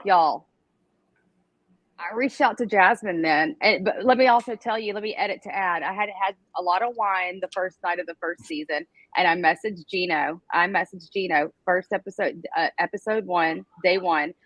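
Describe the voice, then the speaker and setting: Excitable, foul-mouthed woman. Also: lowish voice, moderate pace, no echo. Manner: excitable, swears freely. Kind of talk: casual live chat.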